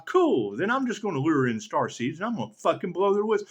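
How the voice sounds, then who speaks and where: A man giving a rambling spiritual monologue as a tarot reader, swearing constantly, laughing often and swinging between loud outbursts and low mutters. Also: wildly swooping pitch, fairly quick, few pauses, breathy edge.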